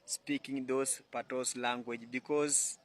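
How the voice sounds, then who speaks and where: A man from Kenya, talking casually to the camera in a halting, affectionate way. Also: mid-range voice, little pitch movement. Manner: halting, restarts words, affectionate. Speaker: social media commenter. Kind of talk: casual direct-to-camera talk.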